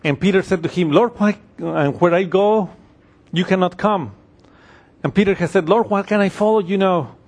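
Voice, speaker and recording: A man with a slightly high voice teaching from the Bible in an unhurried way. He pauses often with fillers and restarts his sentences as he works through the passage. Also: a little mellow. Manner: unhurried, with frequent fillers and restarts while explaining scripture. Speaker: preacher.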